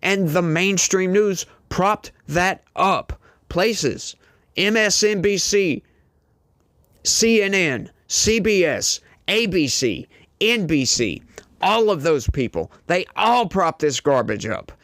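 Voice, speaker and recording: A man's voice: high-pitched, animated, takes it slowly, a bit bright, no room sound, studio quality. A man delivering indignant, emphatic political commentary and repeating his points to his audience.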